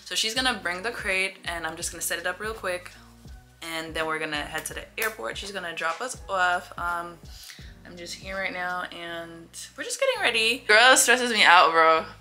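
A woman's voice: on the low side, lively intonation, normal speed, pushed and bright, faint music behind. A woman talking casually to her viewers in a day-in-the-life vlog, recorded on a phone while out and about. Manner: chatty, addresses viewers as y'all, laughs often. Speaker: vlogger. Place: car and home, on the go.

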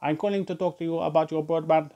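A man imitating a polite young woman calling about broadband, in a soft scripted tone. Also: fairly high pitch, fairly even intonation, fast talker, highs cut off, voice pushed up, natural voice.

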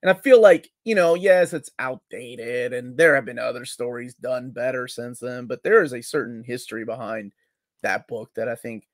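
A man co-hosting a live comics talk stream, relaxed and joking, loudly greeting people in the chat. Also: medium pitch, normal speed, no room sound, studio quality. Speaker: co-host of a live comics show.

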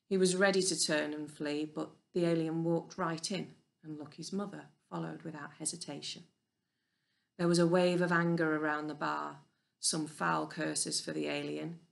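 A woman reading a children's novel aloud in a clear, even storybook narration. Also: deep voice. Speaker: audiobook reader.

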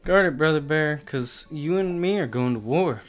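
A man's voice: a little high, lively intonation, normal speed, faint music behind. A man commentating on his own gameplay, exasperated and swearing casually as he talks straight to the opponents on screen. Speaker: gaming channel host.

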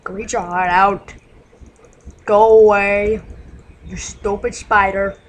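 A woman giving casual gameplay commentary at home, excitable and jittery, yelling insults at game monsters. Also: mid-range voice, takes it slowly, low-quality recording. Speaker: gaming channel host.

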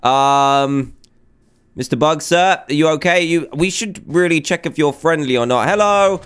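A man hosting a video game let's play, excitable and chatty, exclaiming often. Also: on the high side, unhurried, smooth. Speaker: gaming video host.

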